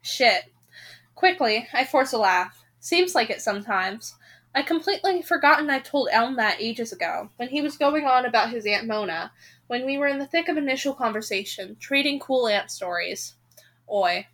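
Woman reading a novel aloud, high and bright, plain casual delivery. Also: expressive, normal speed. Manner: breaks off reading to rant, swearing and laughing; quiet, low-key aside after the break. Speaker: audiobook reader. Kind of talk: reading a novel aloud with her own reactions.

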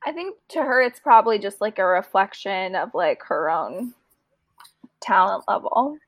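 A woman's voice: medium pitch, lively intonation, normal speed, no room sound. Tired woman chatting in a dry voice. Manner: agreeable, fills in show details. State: yawning, tired. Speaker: podcast co-host. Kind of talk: casual chat.

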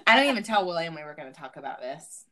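A woman co-hosting a podcast in casual chat, talkative and quick to laugh. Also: low-pitched, big pitch swings, crowd noise. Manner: chatty, laughs often, uses y'all. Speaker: podcast co-host.

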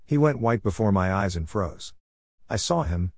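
A man's voice: fairly low pitch, lively intonation, moderate pace, darkish tone, no echo, clean studio sound. Man reading as scared actor guy, panicky, keeps insisting. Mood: panicked. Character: frightened leading stage actor.

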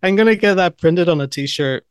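A man's voice: high-pitched, moderate pace, clear, resonant tone, dry recording, clean studio sound. A man co-hosting a podcast, chatting casually about a movie, laughing and jumping in with favorite lines. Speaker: podcast co-host. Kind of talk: casual movie recap chat.

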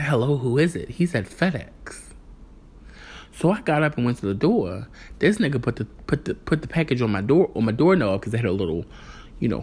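A man's voice: medium pitch, slightly rough. A man telling a rambling, exasperated story in a casual vlog, acting out the people in it. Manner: animated, exasperated storytelling with voiced asides. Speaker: vlogger.

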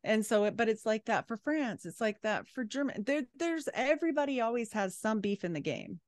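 A woman's voice: a little high, very animated, fairly quick, dry recording, clean studio sound. A woman in casual podcast chat, talking bluntly and filling her sentences with "like". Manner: blunt, chatty, heavy use of "like".

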